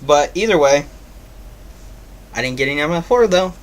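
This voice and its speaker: A man's voice: fairly high pitch, animated, moderate pace, a little hiss or hum. A man giving a casual video review, rambling with many ums and uhs. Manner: rambling, filler-heavy, offhand. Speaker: product reviewer.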